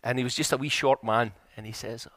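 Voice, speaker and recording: A man's voice: mid-range voice, fairly even intonation, fairly quick, fairly bright tone, no echo, studio quality. A middle-aged man preaching a sermon in a church, telling stories earnestly and building to emphatic, repeated points.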